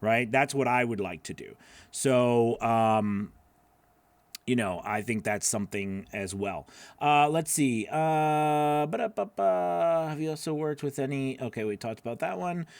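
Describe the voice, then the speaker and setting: A man's voice: medium pitch, measured pace, dry recording. A man hosting a live voiceover class, answering viewer questions in a loose, chatty way, with lots of fillers and laughing at himself.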